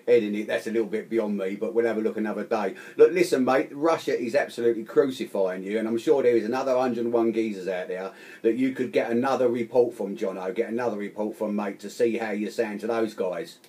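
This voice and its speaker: A man's voice: fairly low pitch, fast talker, dark tone. A man chatting casually on amateur radio, friendly, calling the other man mate again and again. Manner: chatty, says mate constantly.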